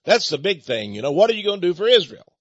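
A man's voice: high voice, very animated, fast, fairly bright tone, breathy edge, no echo, muffled recording. A man hosting a ministry broadcast, delivering a rambling, emphatic monologue full of repeated phrases and restarts.

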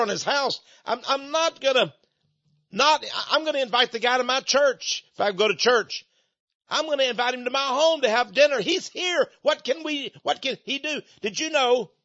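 An older man with a notably high voice hosts a talk show, rambling through a political monologue and stumbling over repeated words as he presses his point. The recording is dull and lo-fi, with a close, dry sound. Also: pushed and bright, dry recording.

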